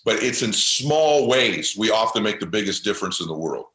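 A man's voice: fairly low pitch, expressive, normal speed, fairly bright tone. An intense, passionate middle-aged man tells a motivational story as a podcast guest. He speaks with earnest conviction, and his voice rings in a roomy, echoing space.

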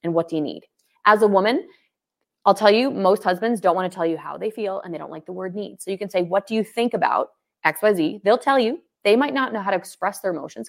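A woman with a gravelly, creaky edge to her voice, co-hosting a marriage podcast. She talks in a loose, chatty way and keeps acting out example phrases with a lively delivery. Her pitch sits in an ordinary middle range. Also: quick pace. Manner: animated, acts out example phrases. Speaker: podcast co-host, marriage coach. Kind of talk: casual podcast chat.

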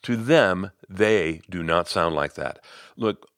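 A man's voice: low voice, animated, takes it slowly, a bit bright, no echo, studio quality. A man, a voice coach and podcast host, narrating and talking to listeners in a conversational, playfully demonstrative way.

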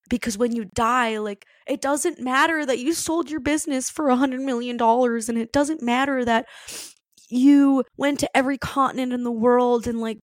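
A woman's voice: on the high side, no room sound. A young woman hosting a podcast, talking candidly and emotionally about grief, with many "like"s and frank swearing. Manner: raw, emotional, fillers of 'like', swears freely. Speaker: podcast host. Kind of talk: candid personal monologue.

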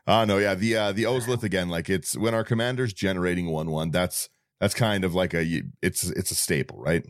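A very deep-voiced man chats casually on a podcast, often restarting his sentences and repeating words as he thinks aloud. The recording is dry and close, with no room sound at all. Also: dry recording. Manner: halting, repeats words, talks through game strategy. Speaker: podcast co-host. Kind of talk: casual group chat about a card deck.

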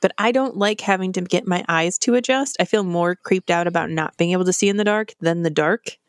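A woman's voice: lowish voice, a little fast, no room sound, studio quality. A woman co-hosting a podcast, chatting casually and thinking aloud about childhood fears. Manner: chatty, reflective, laughs often. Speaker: podcast co-host.

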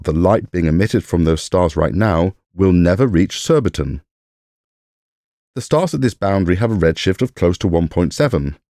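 A podcast host with a deep, dark-toned voice reads a scripted science explainer, recorded with no room sound. He delivers it with dry humor and jokey asides.

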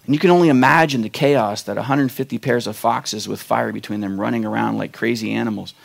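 A man preaching a sermon, retelling a Bible story with acted-out quotes and loud, emphatic peaks. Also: on the low side, brisk, gravelly. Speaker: pastor.

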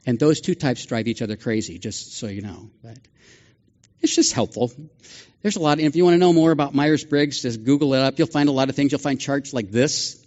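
A man's voice: medium pitch, fairly quick, a little mellow, muffled recording. An older male pastor giving a sermon in a conversational way, with asides and self-deprecating jokes. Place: church sanctuary.

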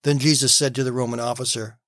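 A man hosting a short morning devotional, telling stories and reading scripture aloud with gentle emphasis. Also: mid-range voice, little pitch movement, fast talker, dry recording, studio quality. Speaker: devotional radio host.

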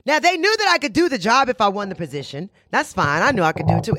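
A sassy, blunt woman hosts her own talk show, hammering points home by repeating lines and bragging on herself. Her voice is bright and forceful, recorded dry and close with no room around it. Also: fairly high pitch, sing-song, fast, dry recording. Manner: sassy, emphatic, repeats phrases for punch; blunt, boastful self-talk. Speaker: podcast and radio host. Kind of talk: casual monologue.

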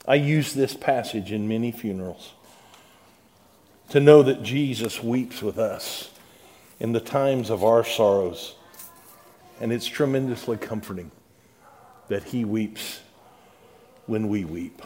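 A male pastor preaching in a conversational way, repeating words and swinging between soft, quiet passages and louder, emphatic ones. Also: lowish voice, slow pace, pauses often. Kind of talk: sermon.

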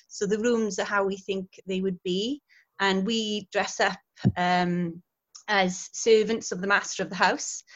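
A chatty woman tells her stories with a lively, laughing manner. Her voice sits at an ordinary middle pitch. The recording is dull and lo-fi. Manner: chatty, laughs often, animated storytelling. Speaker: guest, historical interpreter. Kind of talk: casual interview chat.

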